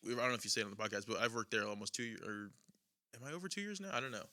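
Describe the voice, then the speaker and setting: A man's voice: fairly low pitch, big pitch swings, very fast, sharp tone, no echo, studio quality. A young man, a comedian guest, chatting casually on a podcast, laughing often and acting out quotes. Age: young adult.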